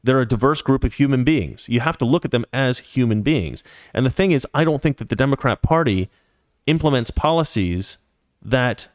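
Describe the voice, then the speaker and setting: A man in his forties, host of his own talk show, talks at normal speed in a mid-range voice with lively intonation. His commentary is opinionated and conversational, punctuated by viewer messages and frequent restarts. The clean studio audio has no room sound.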